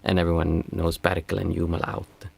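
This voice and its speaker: His low, husky voice is creaky and monotone. He's a Swedish meditation teacher casually chatting on a livestream, slow and reflective, reading out messages from the chat.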